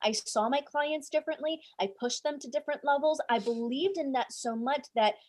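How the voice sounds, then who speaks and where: A life coach, now past her twenties, shares a story from that decade during an interview. Her voice is high and a little fast, her English learned as a second language, and she keeps dropping "like" and tagging lines with "right?" in an animated way.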